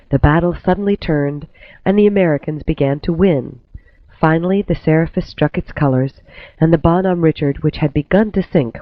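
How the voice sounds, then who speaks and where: Male narrator, slightly high voice, steady storybook reading, tinny phone-like sound. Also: dry recording. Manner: steady, clear storytelling delivery. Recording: tinny phone-like dry recording.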